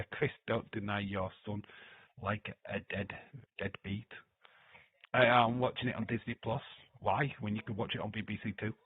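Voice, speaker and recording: A man's voice: lowish voice, slightly rough, no room sound. A man hosting a live watch-along stream, reading chat comments aloud and joking, teasing and laughing often. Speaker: livestream host. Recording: dry, phone-like lo-fi sound.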